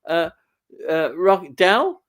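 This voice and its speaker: A man's voice: sits high, sing-song, very slow, a bit bright. A man co-hosting a live stream, reading viewer comments in an easygoing way and laughing often. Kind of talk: casual live stream chat.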